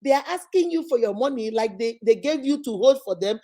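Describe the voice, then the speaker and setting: A woman's voice: on the high side, animated, brisk, mellow. A middle-aged Nigerian woman hosting a casual vlog, telling stories with laughter and rhetorical questions. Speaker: host.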